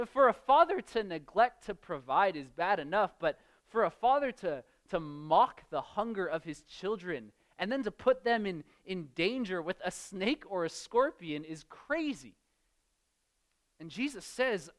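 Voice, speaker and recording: A young man preaching a sermon, earnest and emphatic, growing animated as he acts out everyday scenes. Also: sits high, a little slow. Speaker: campus ministry preacher.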